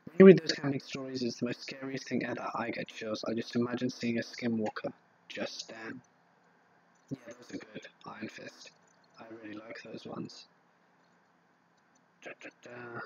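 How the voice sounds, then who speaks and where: A man with a Southeast English accent hosting a casual live stream, reading viewer comments aloud and answering them in a relaxed, rambling way. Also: medium pitch, normal speed, pauses often, highs cut off, crowd noise. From England.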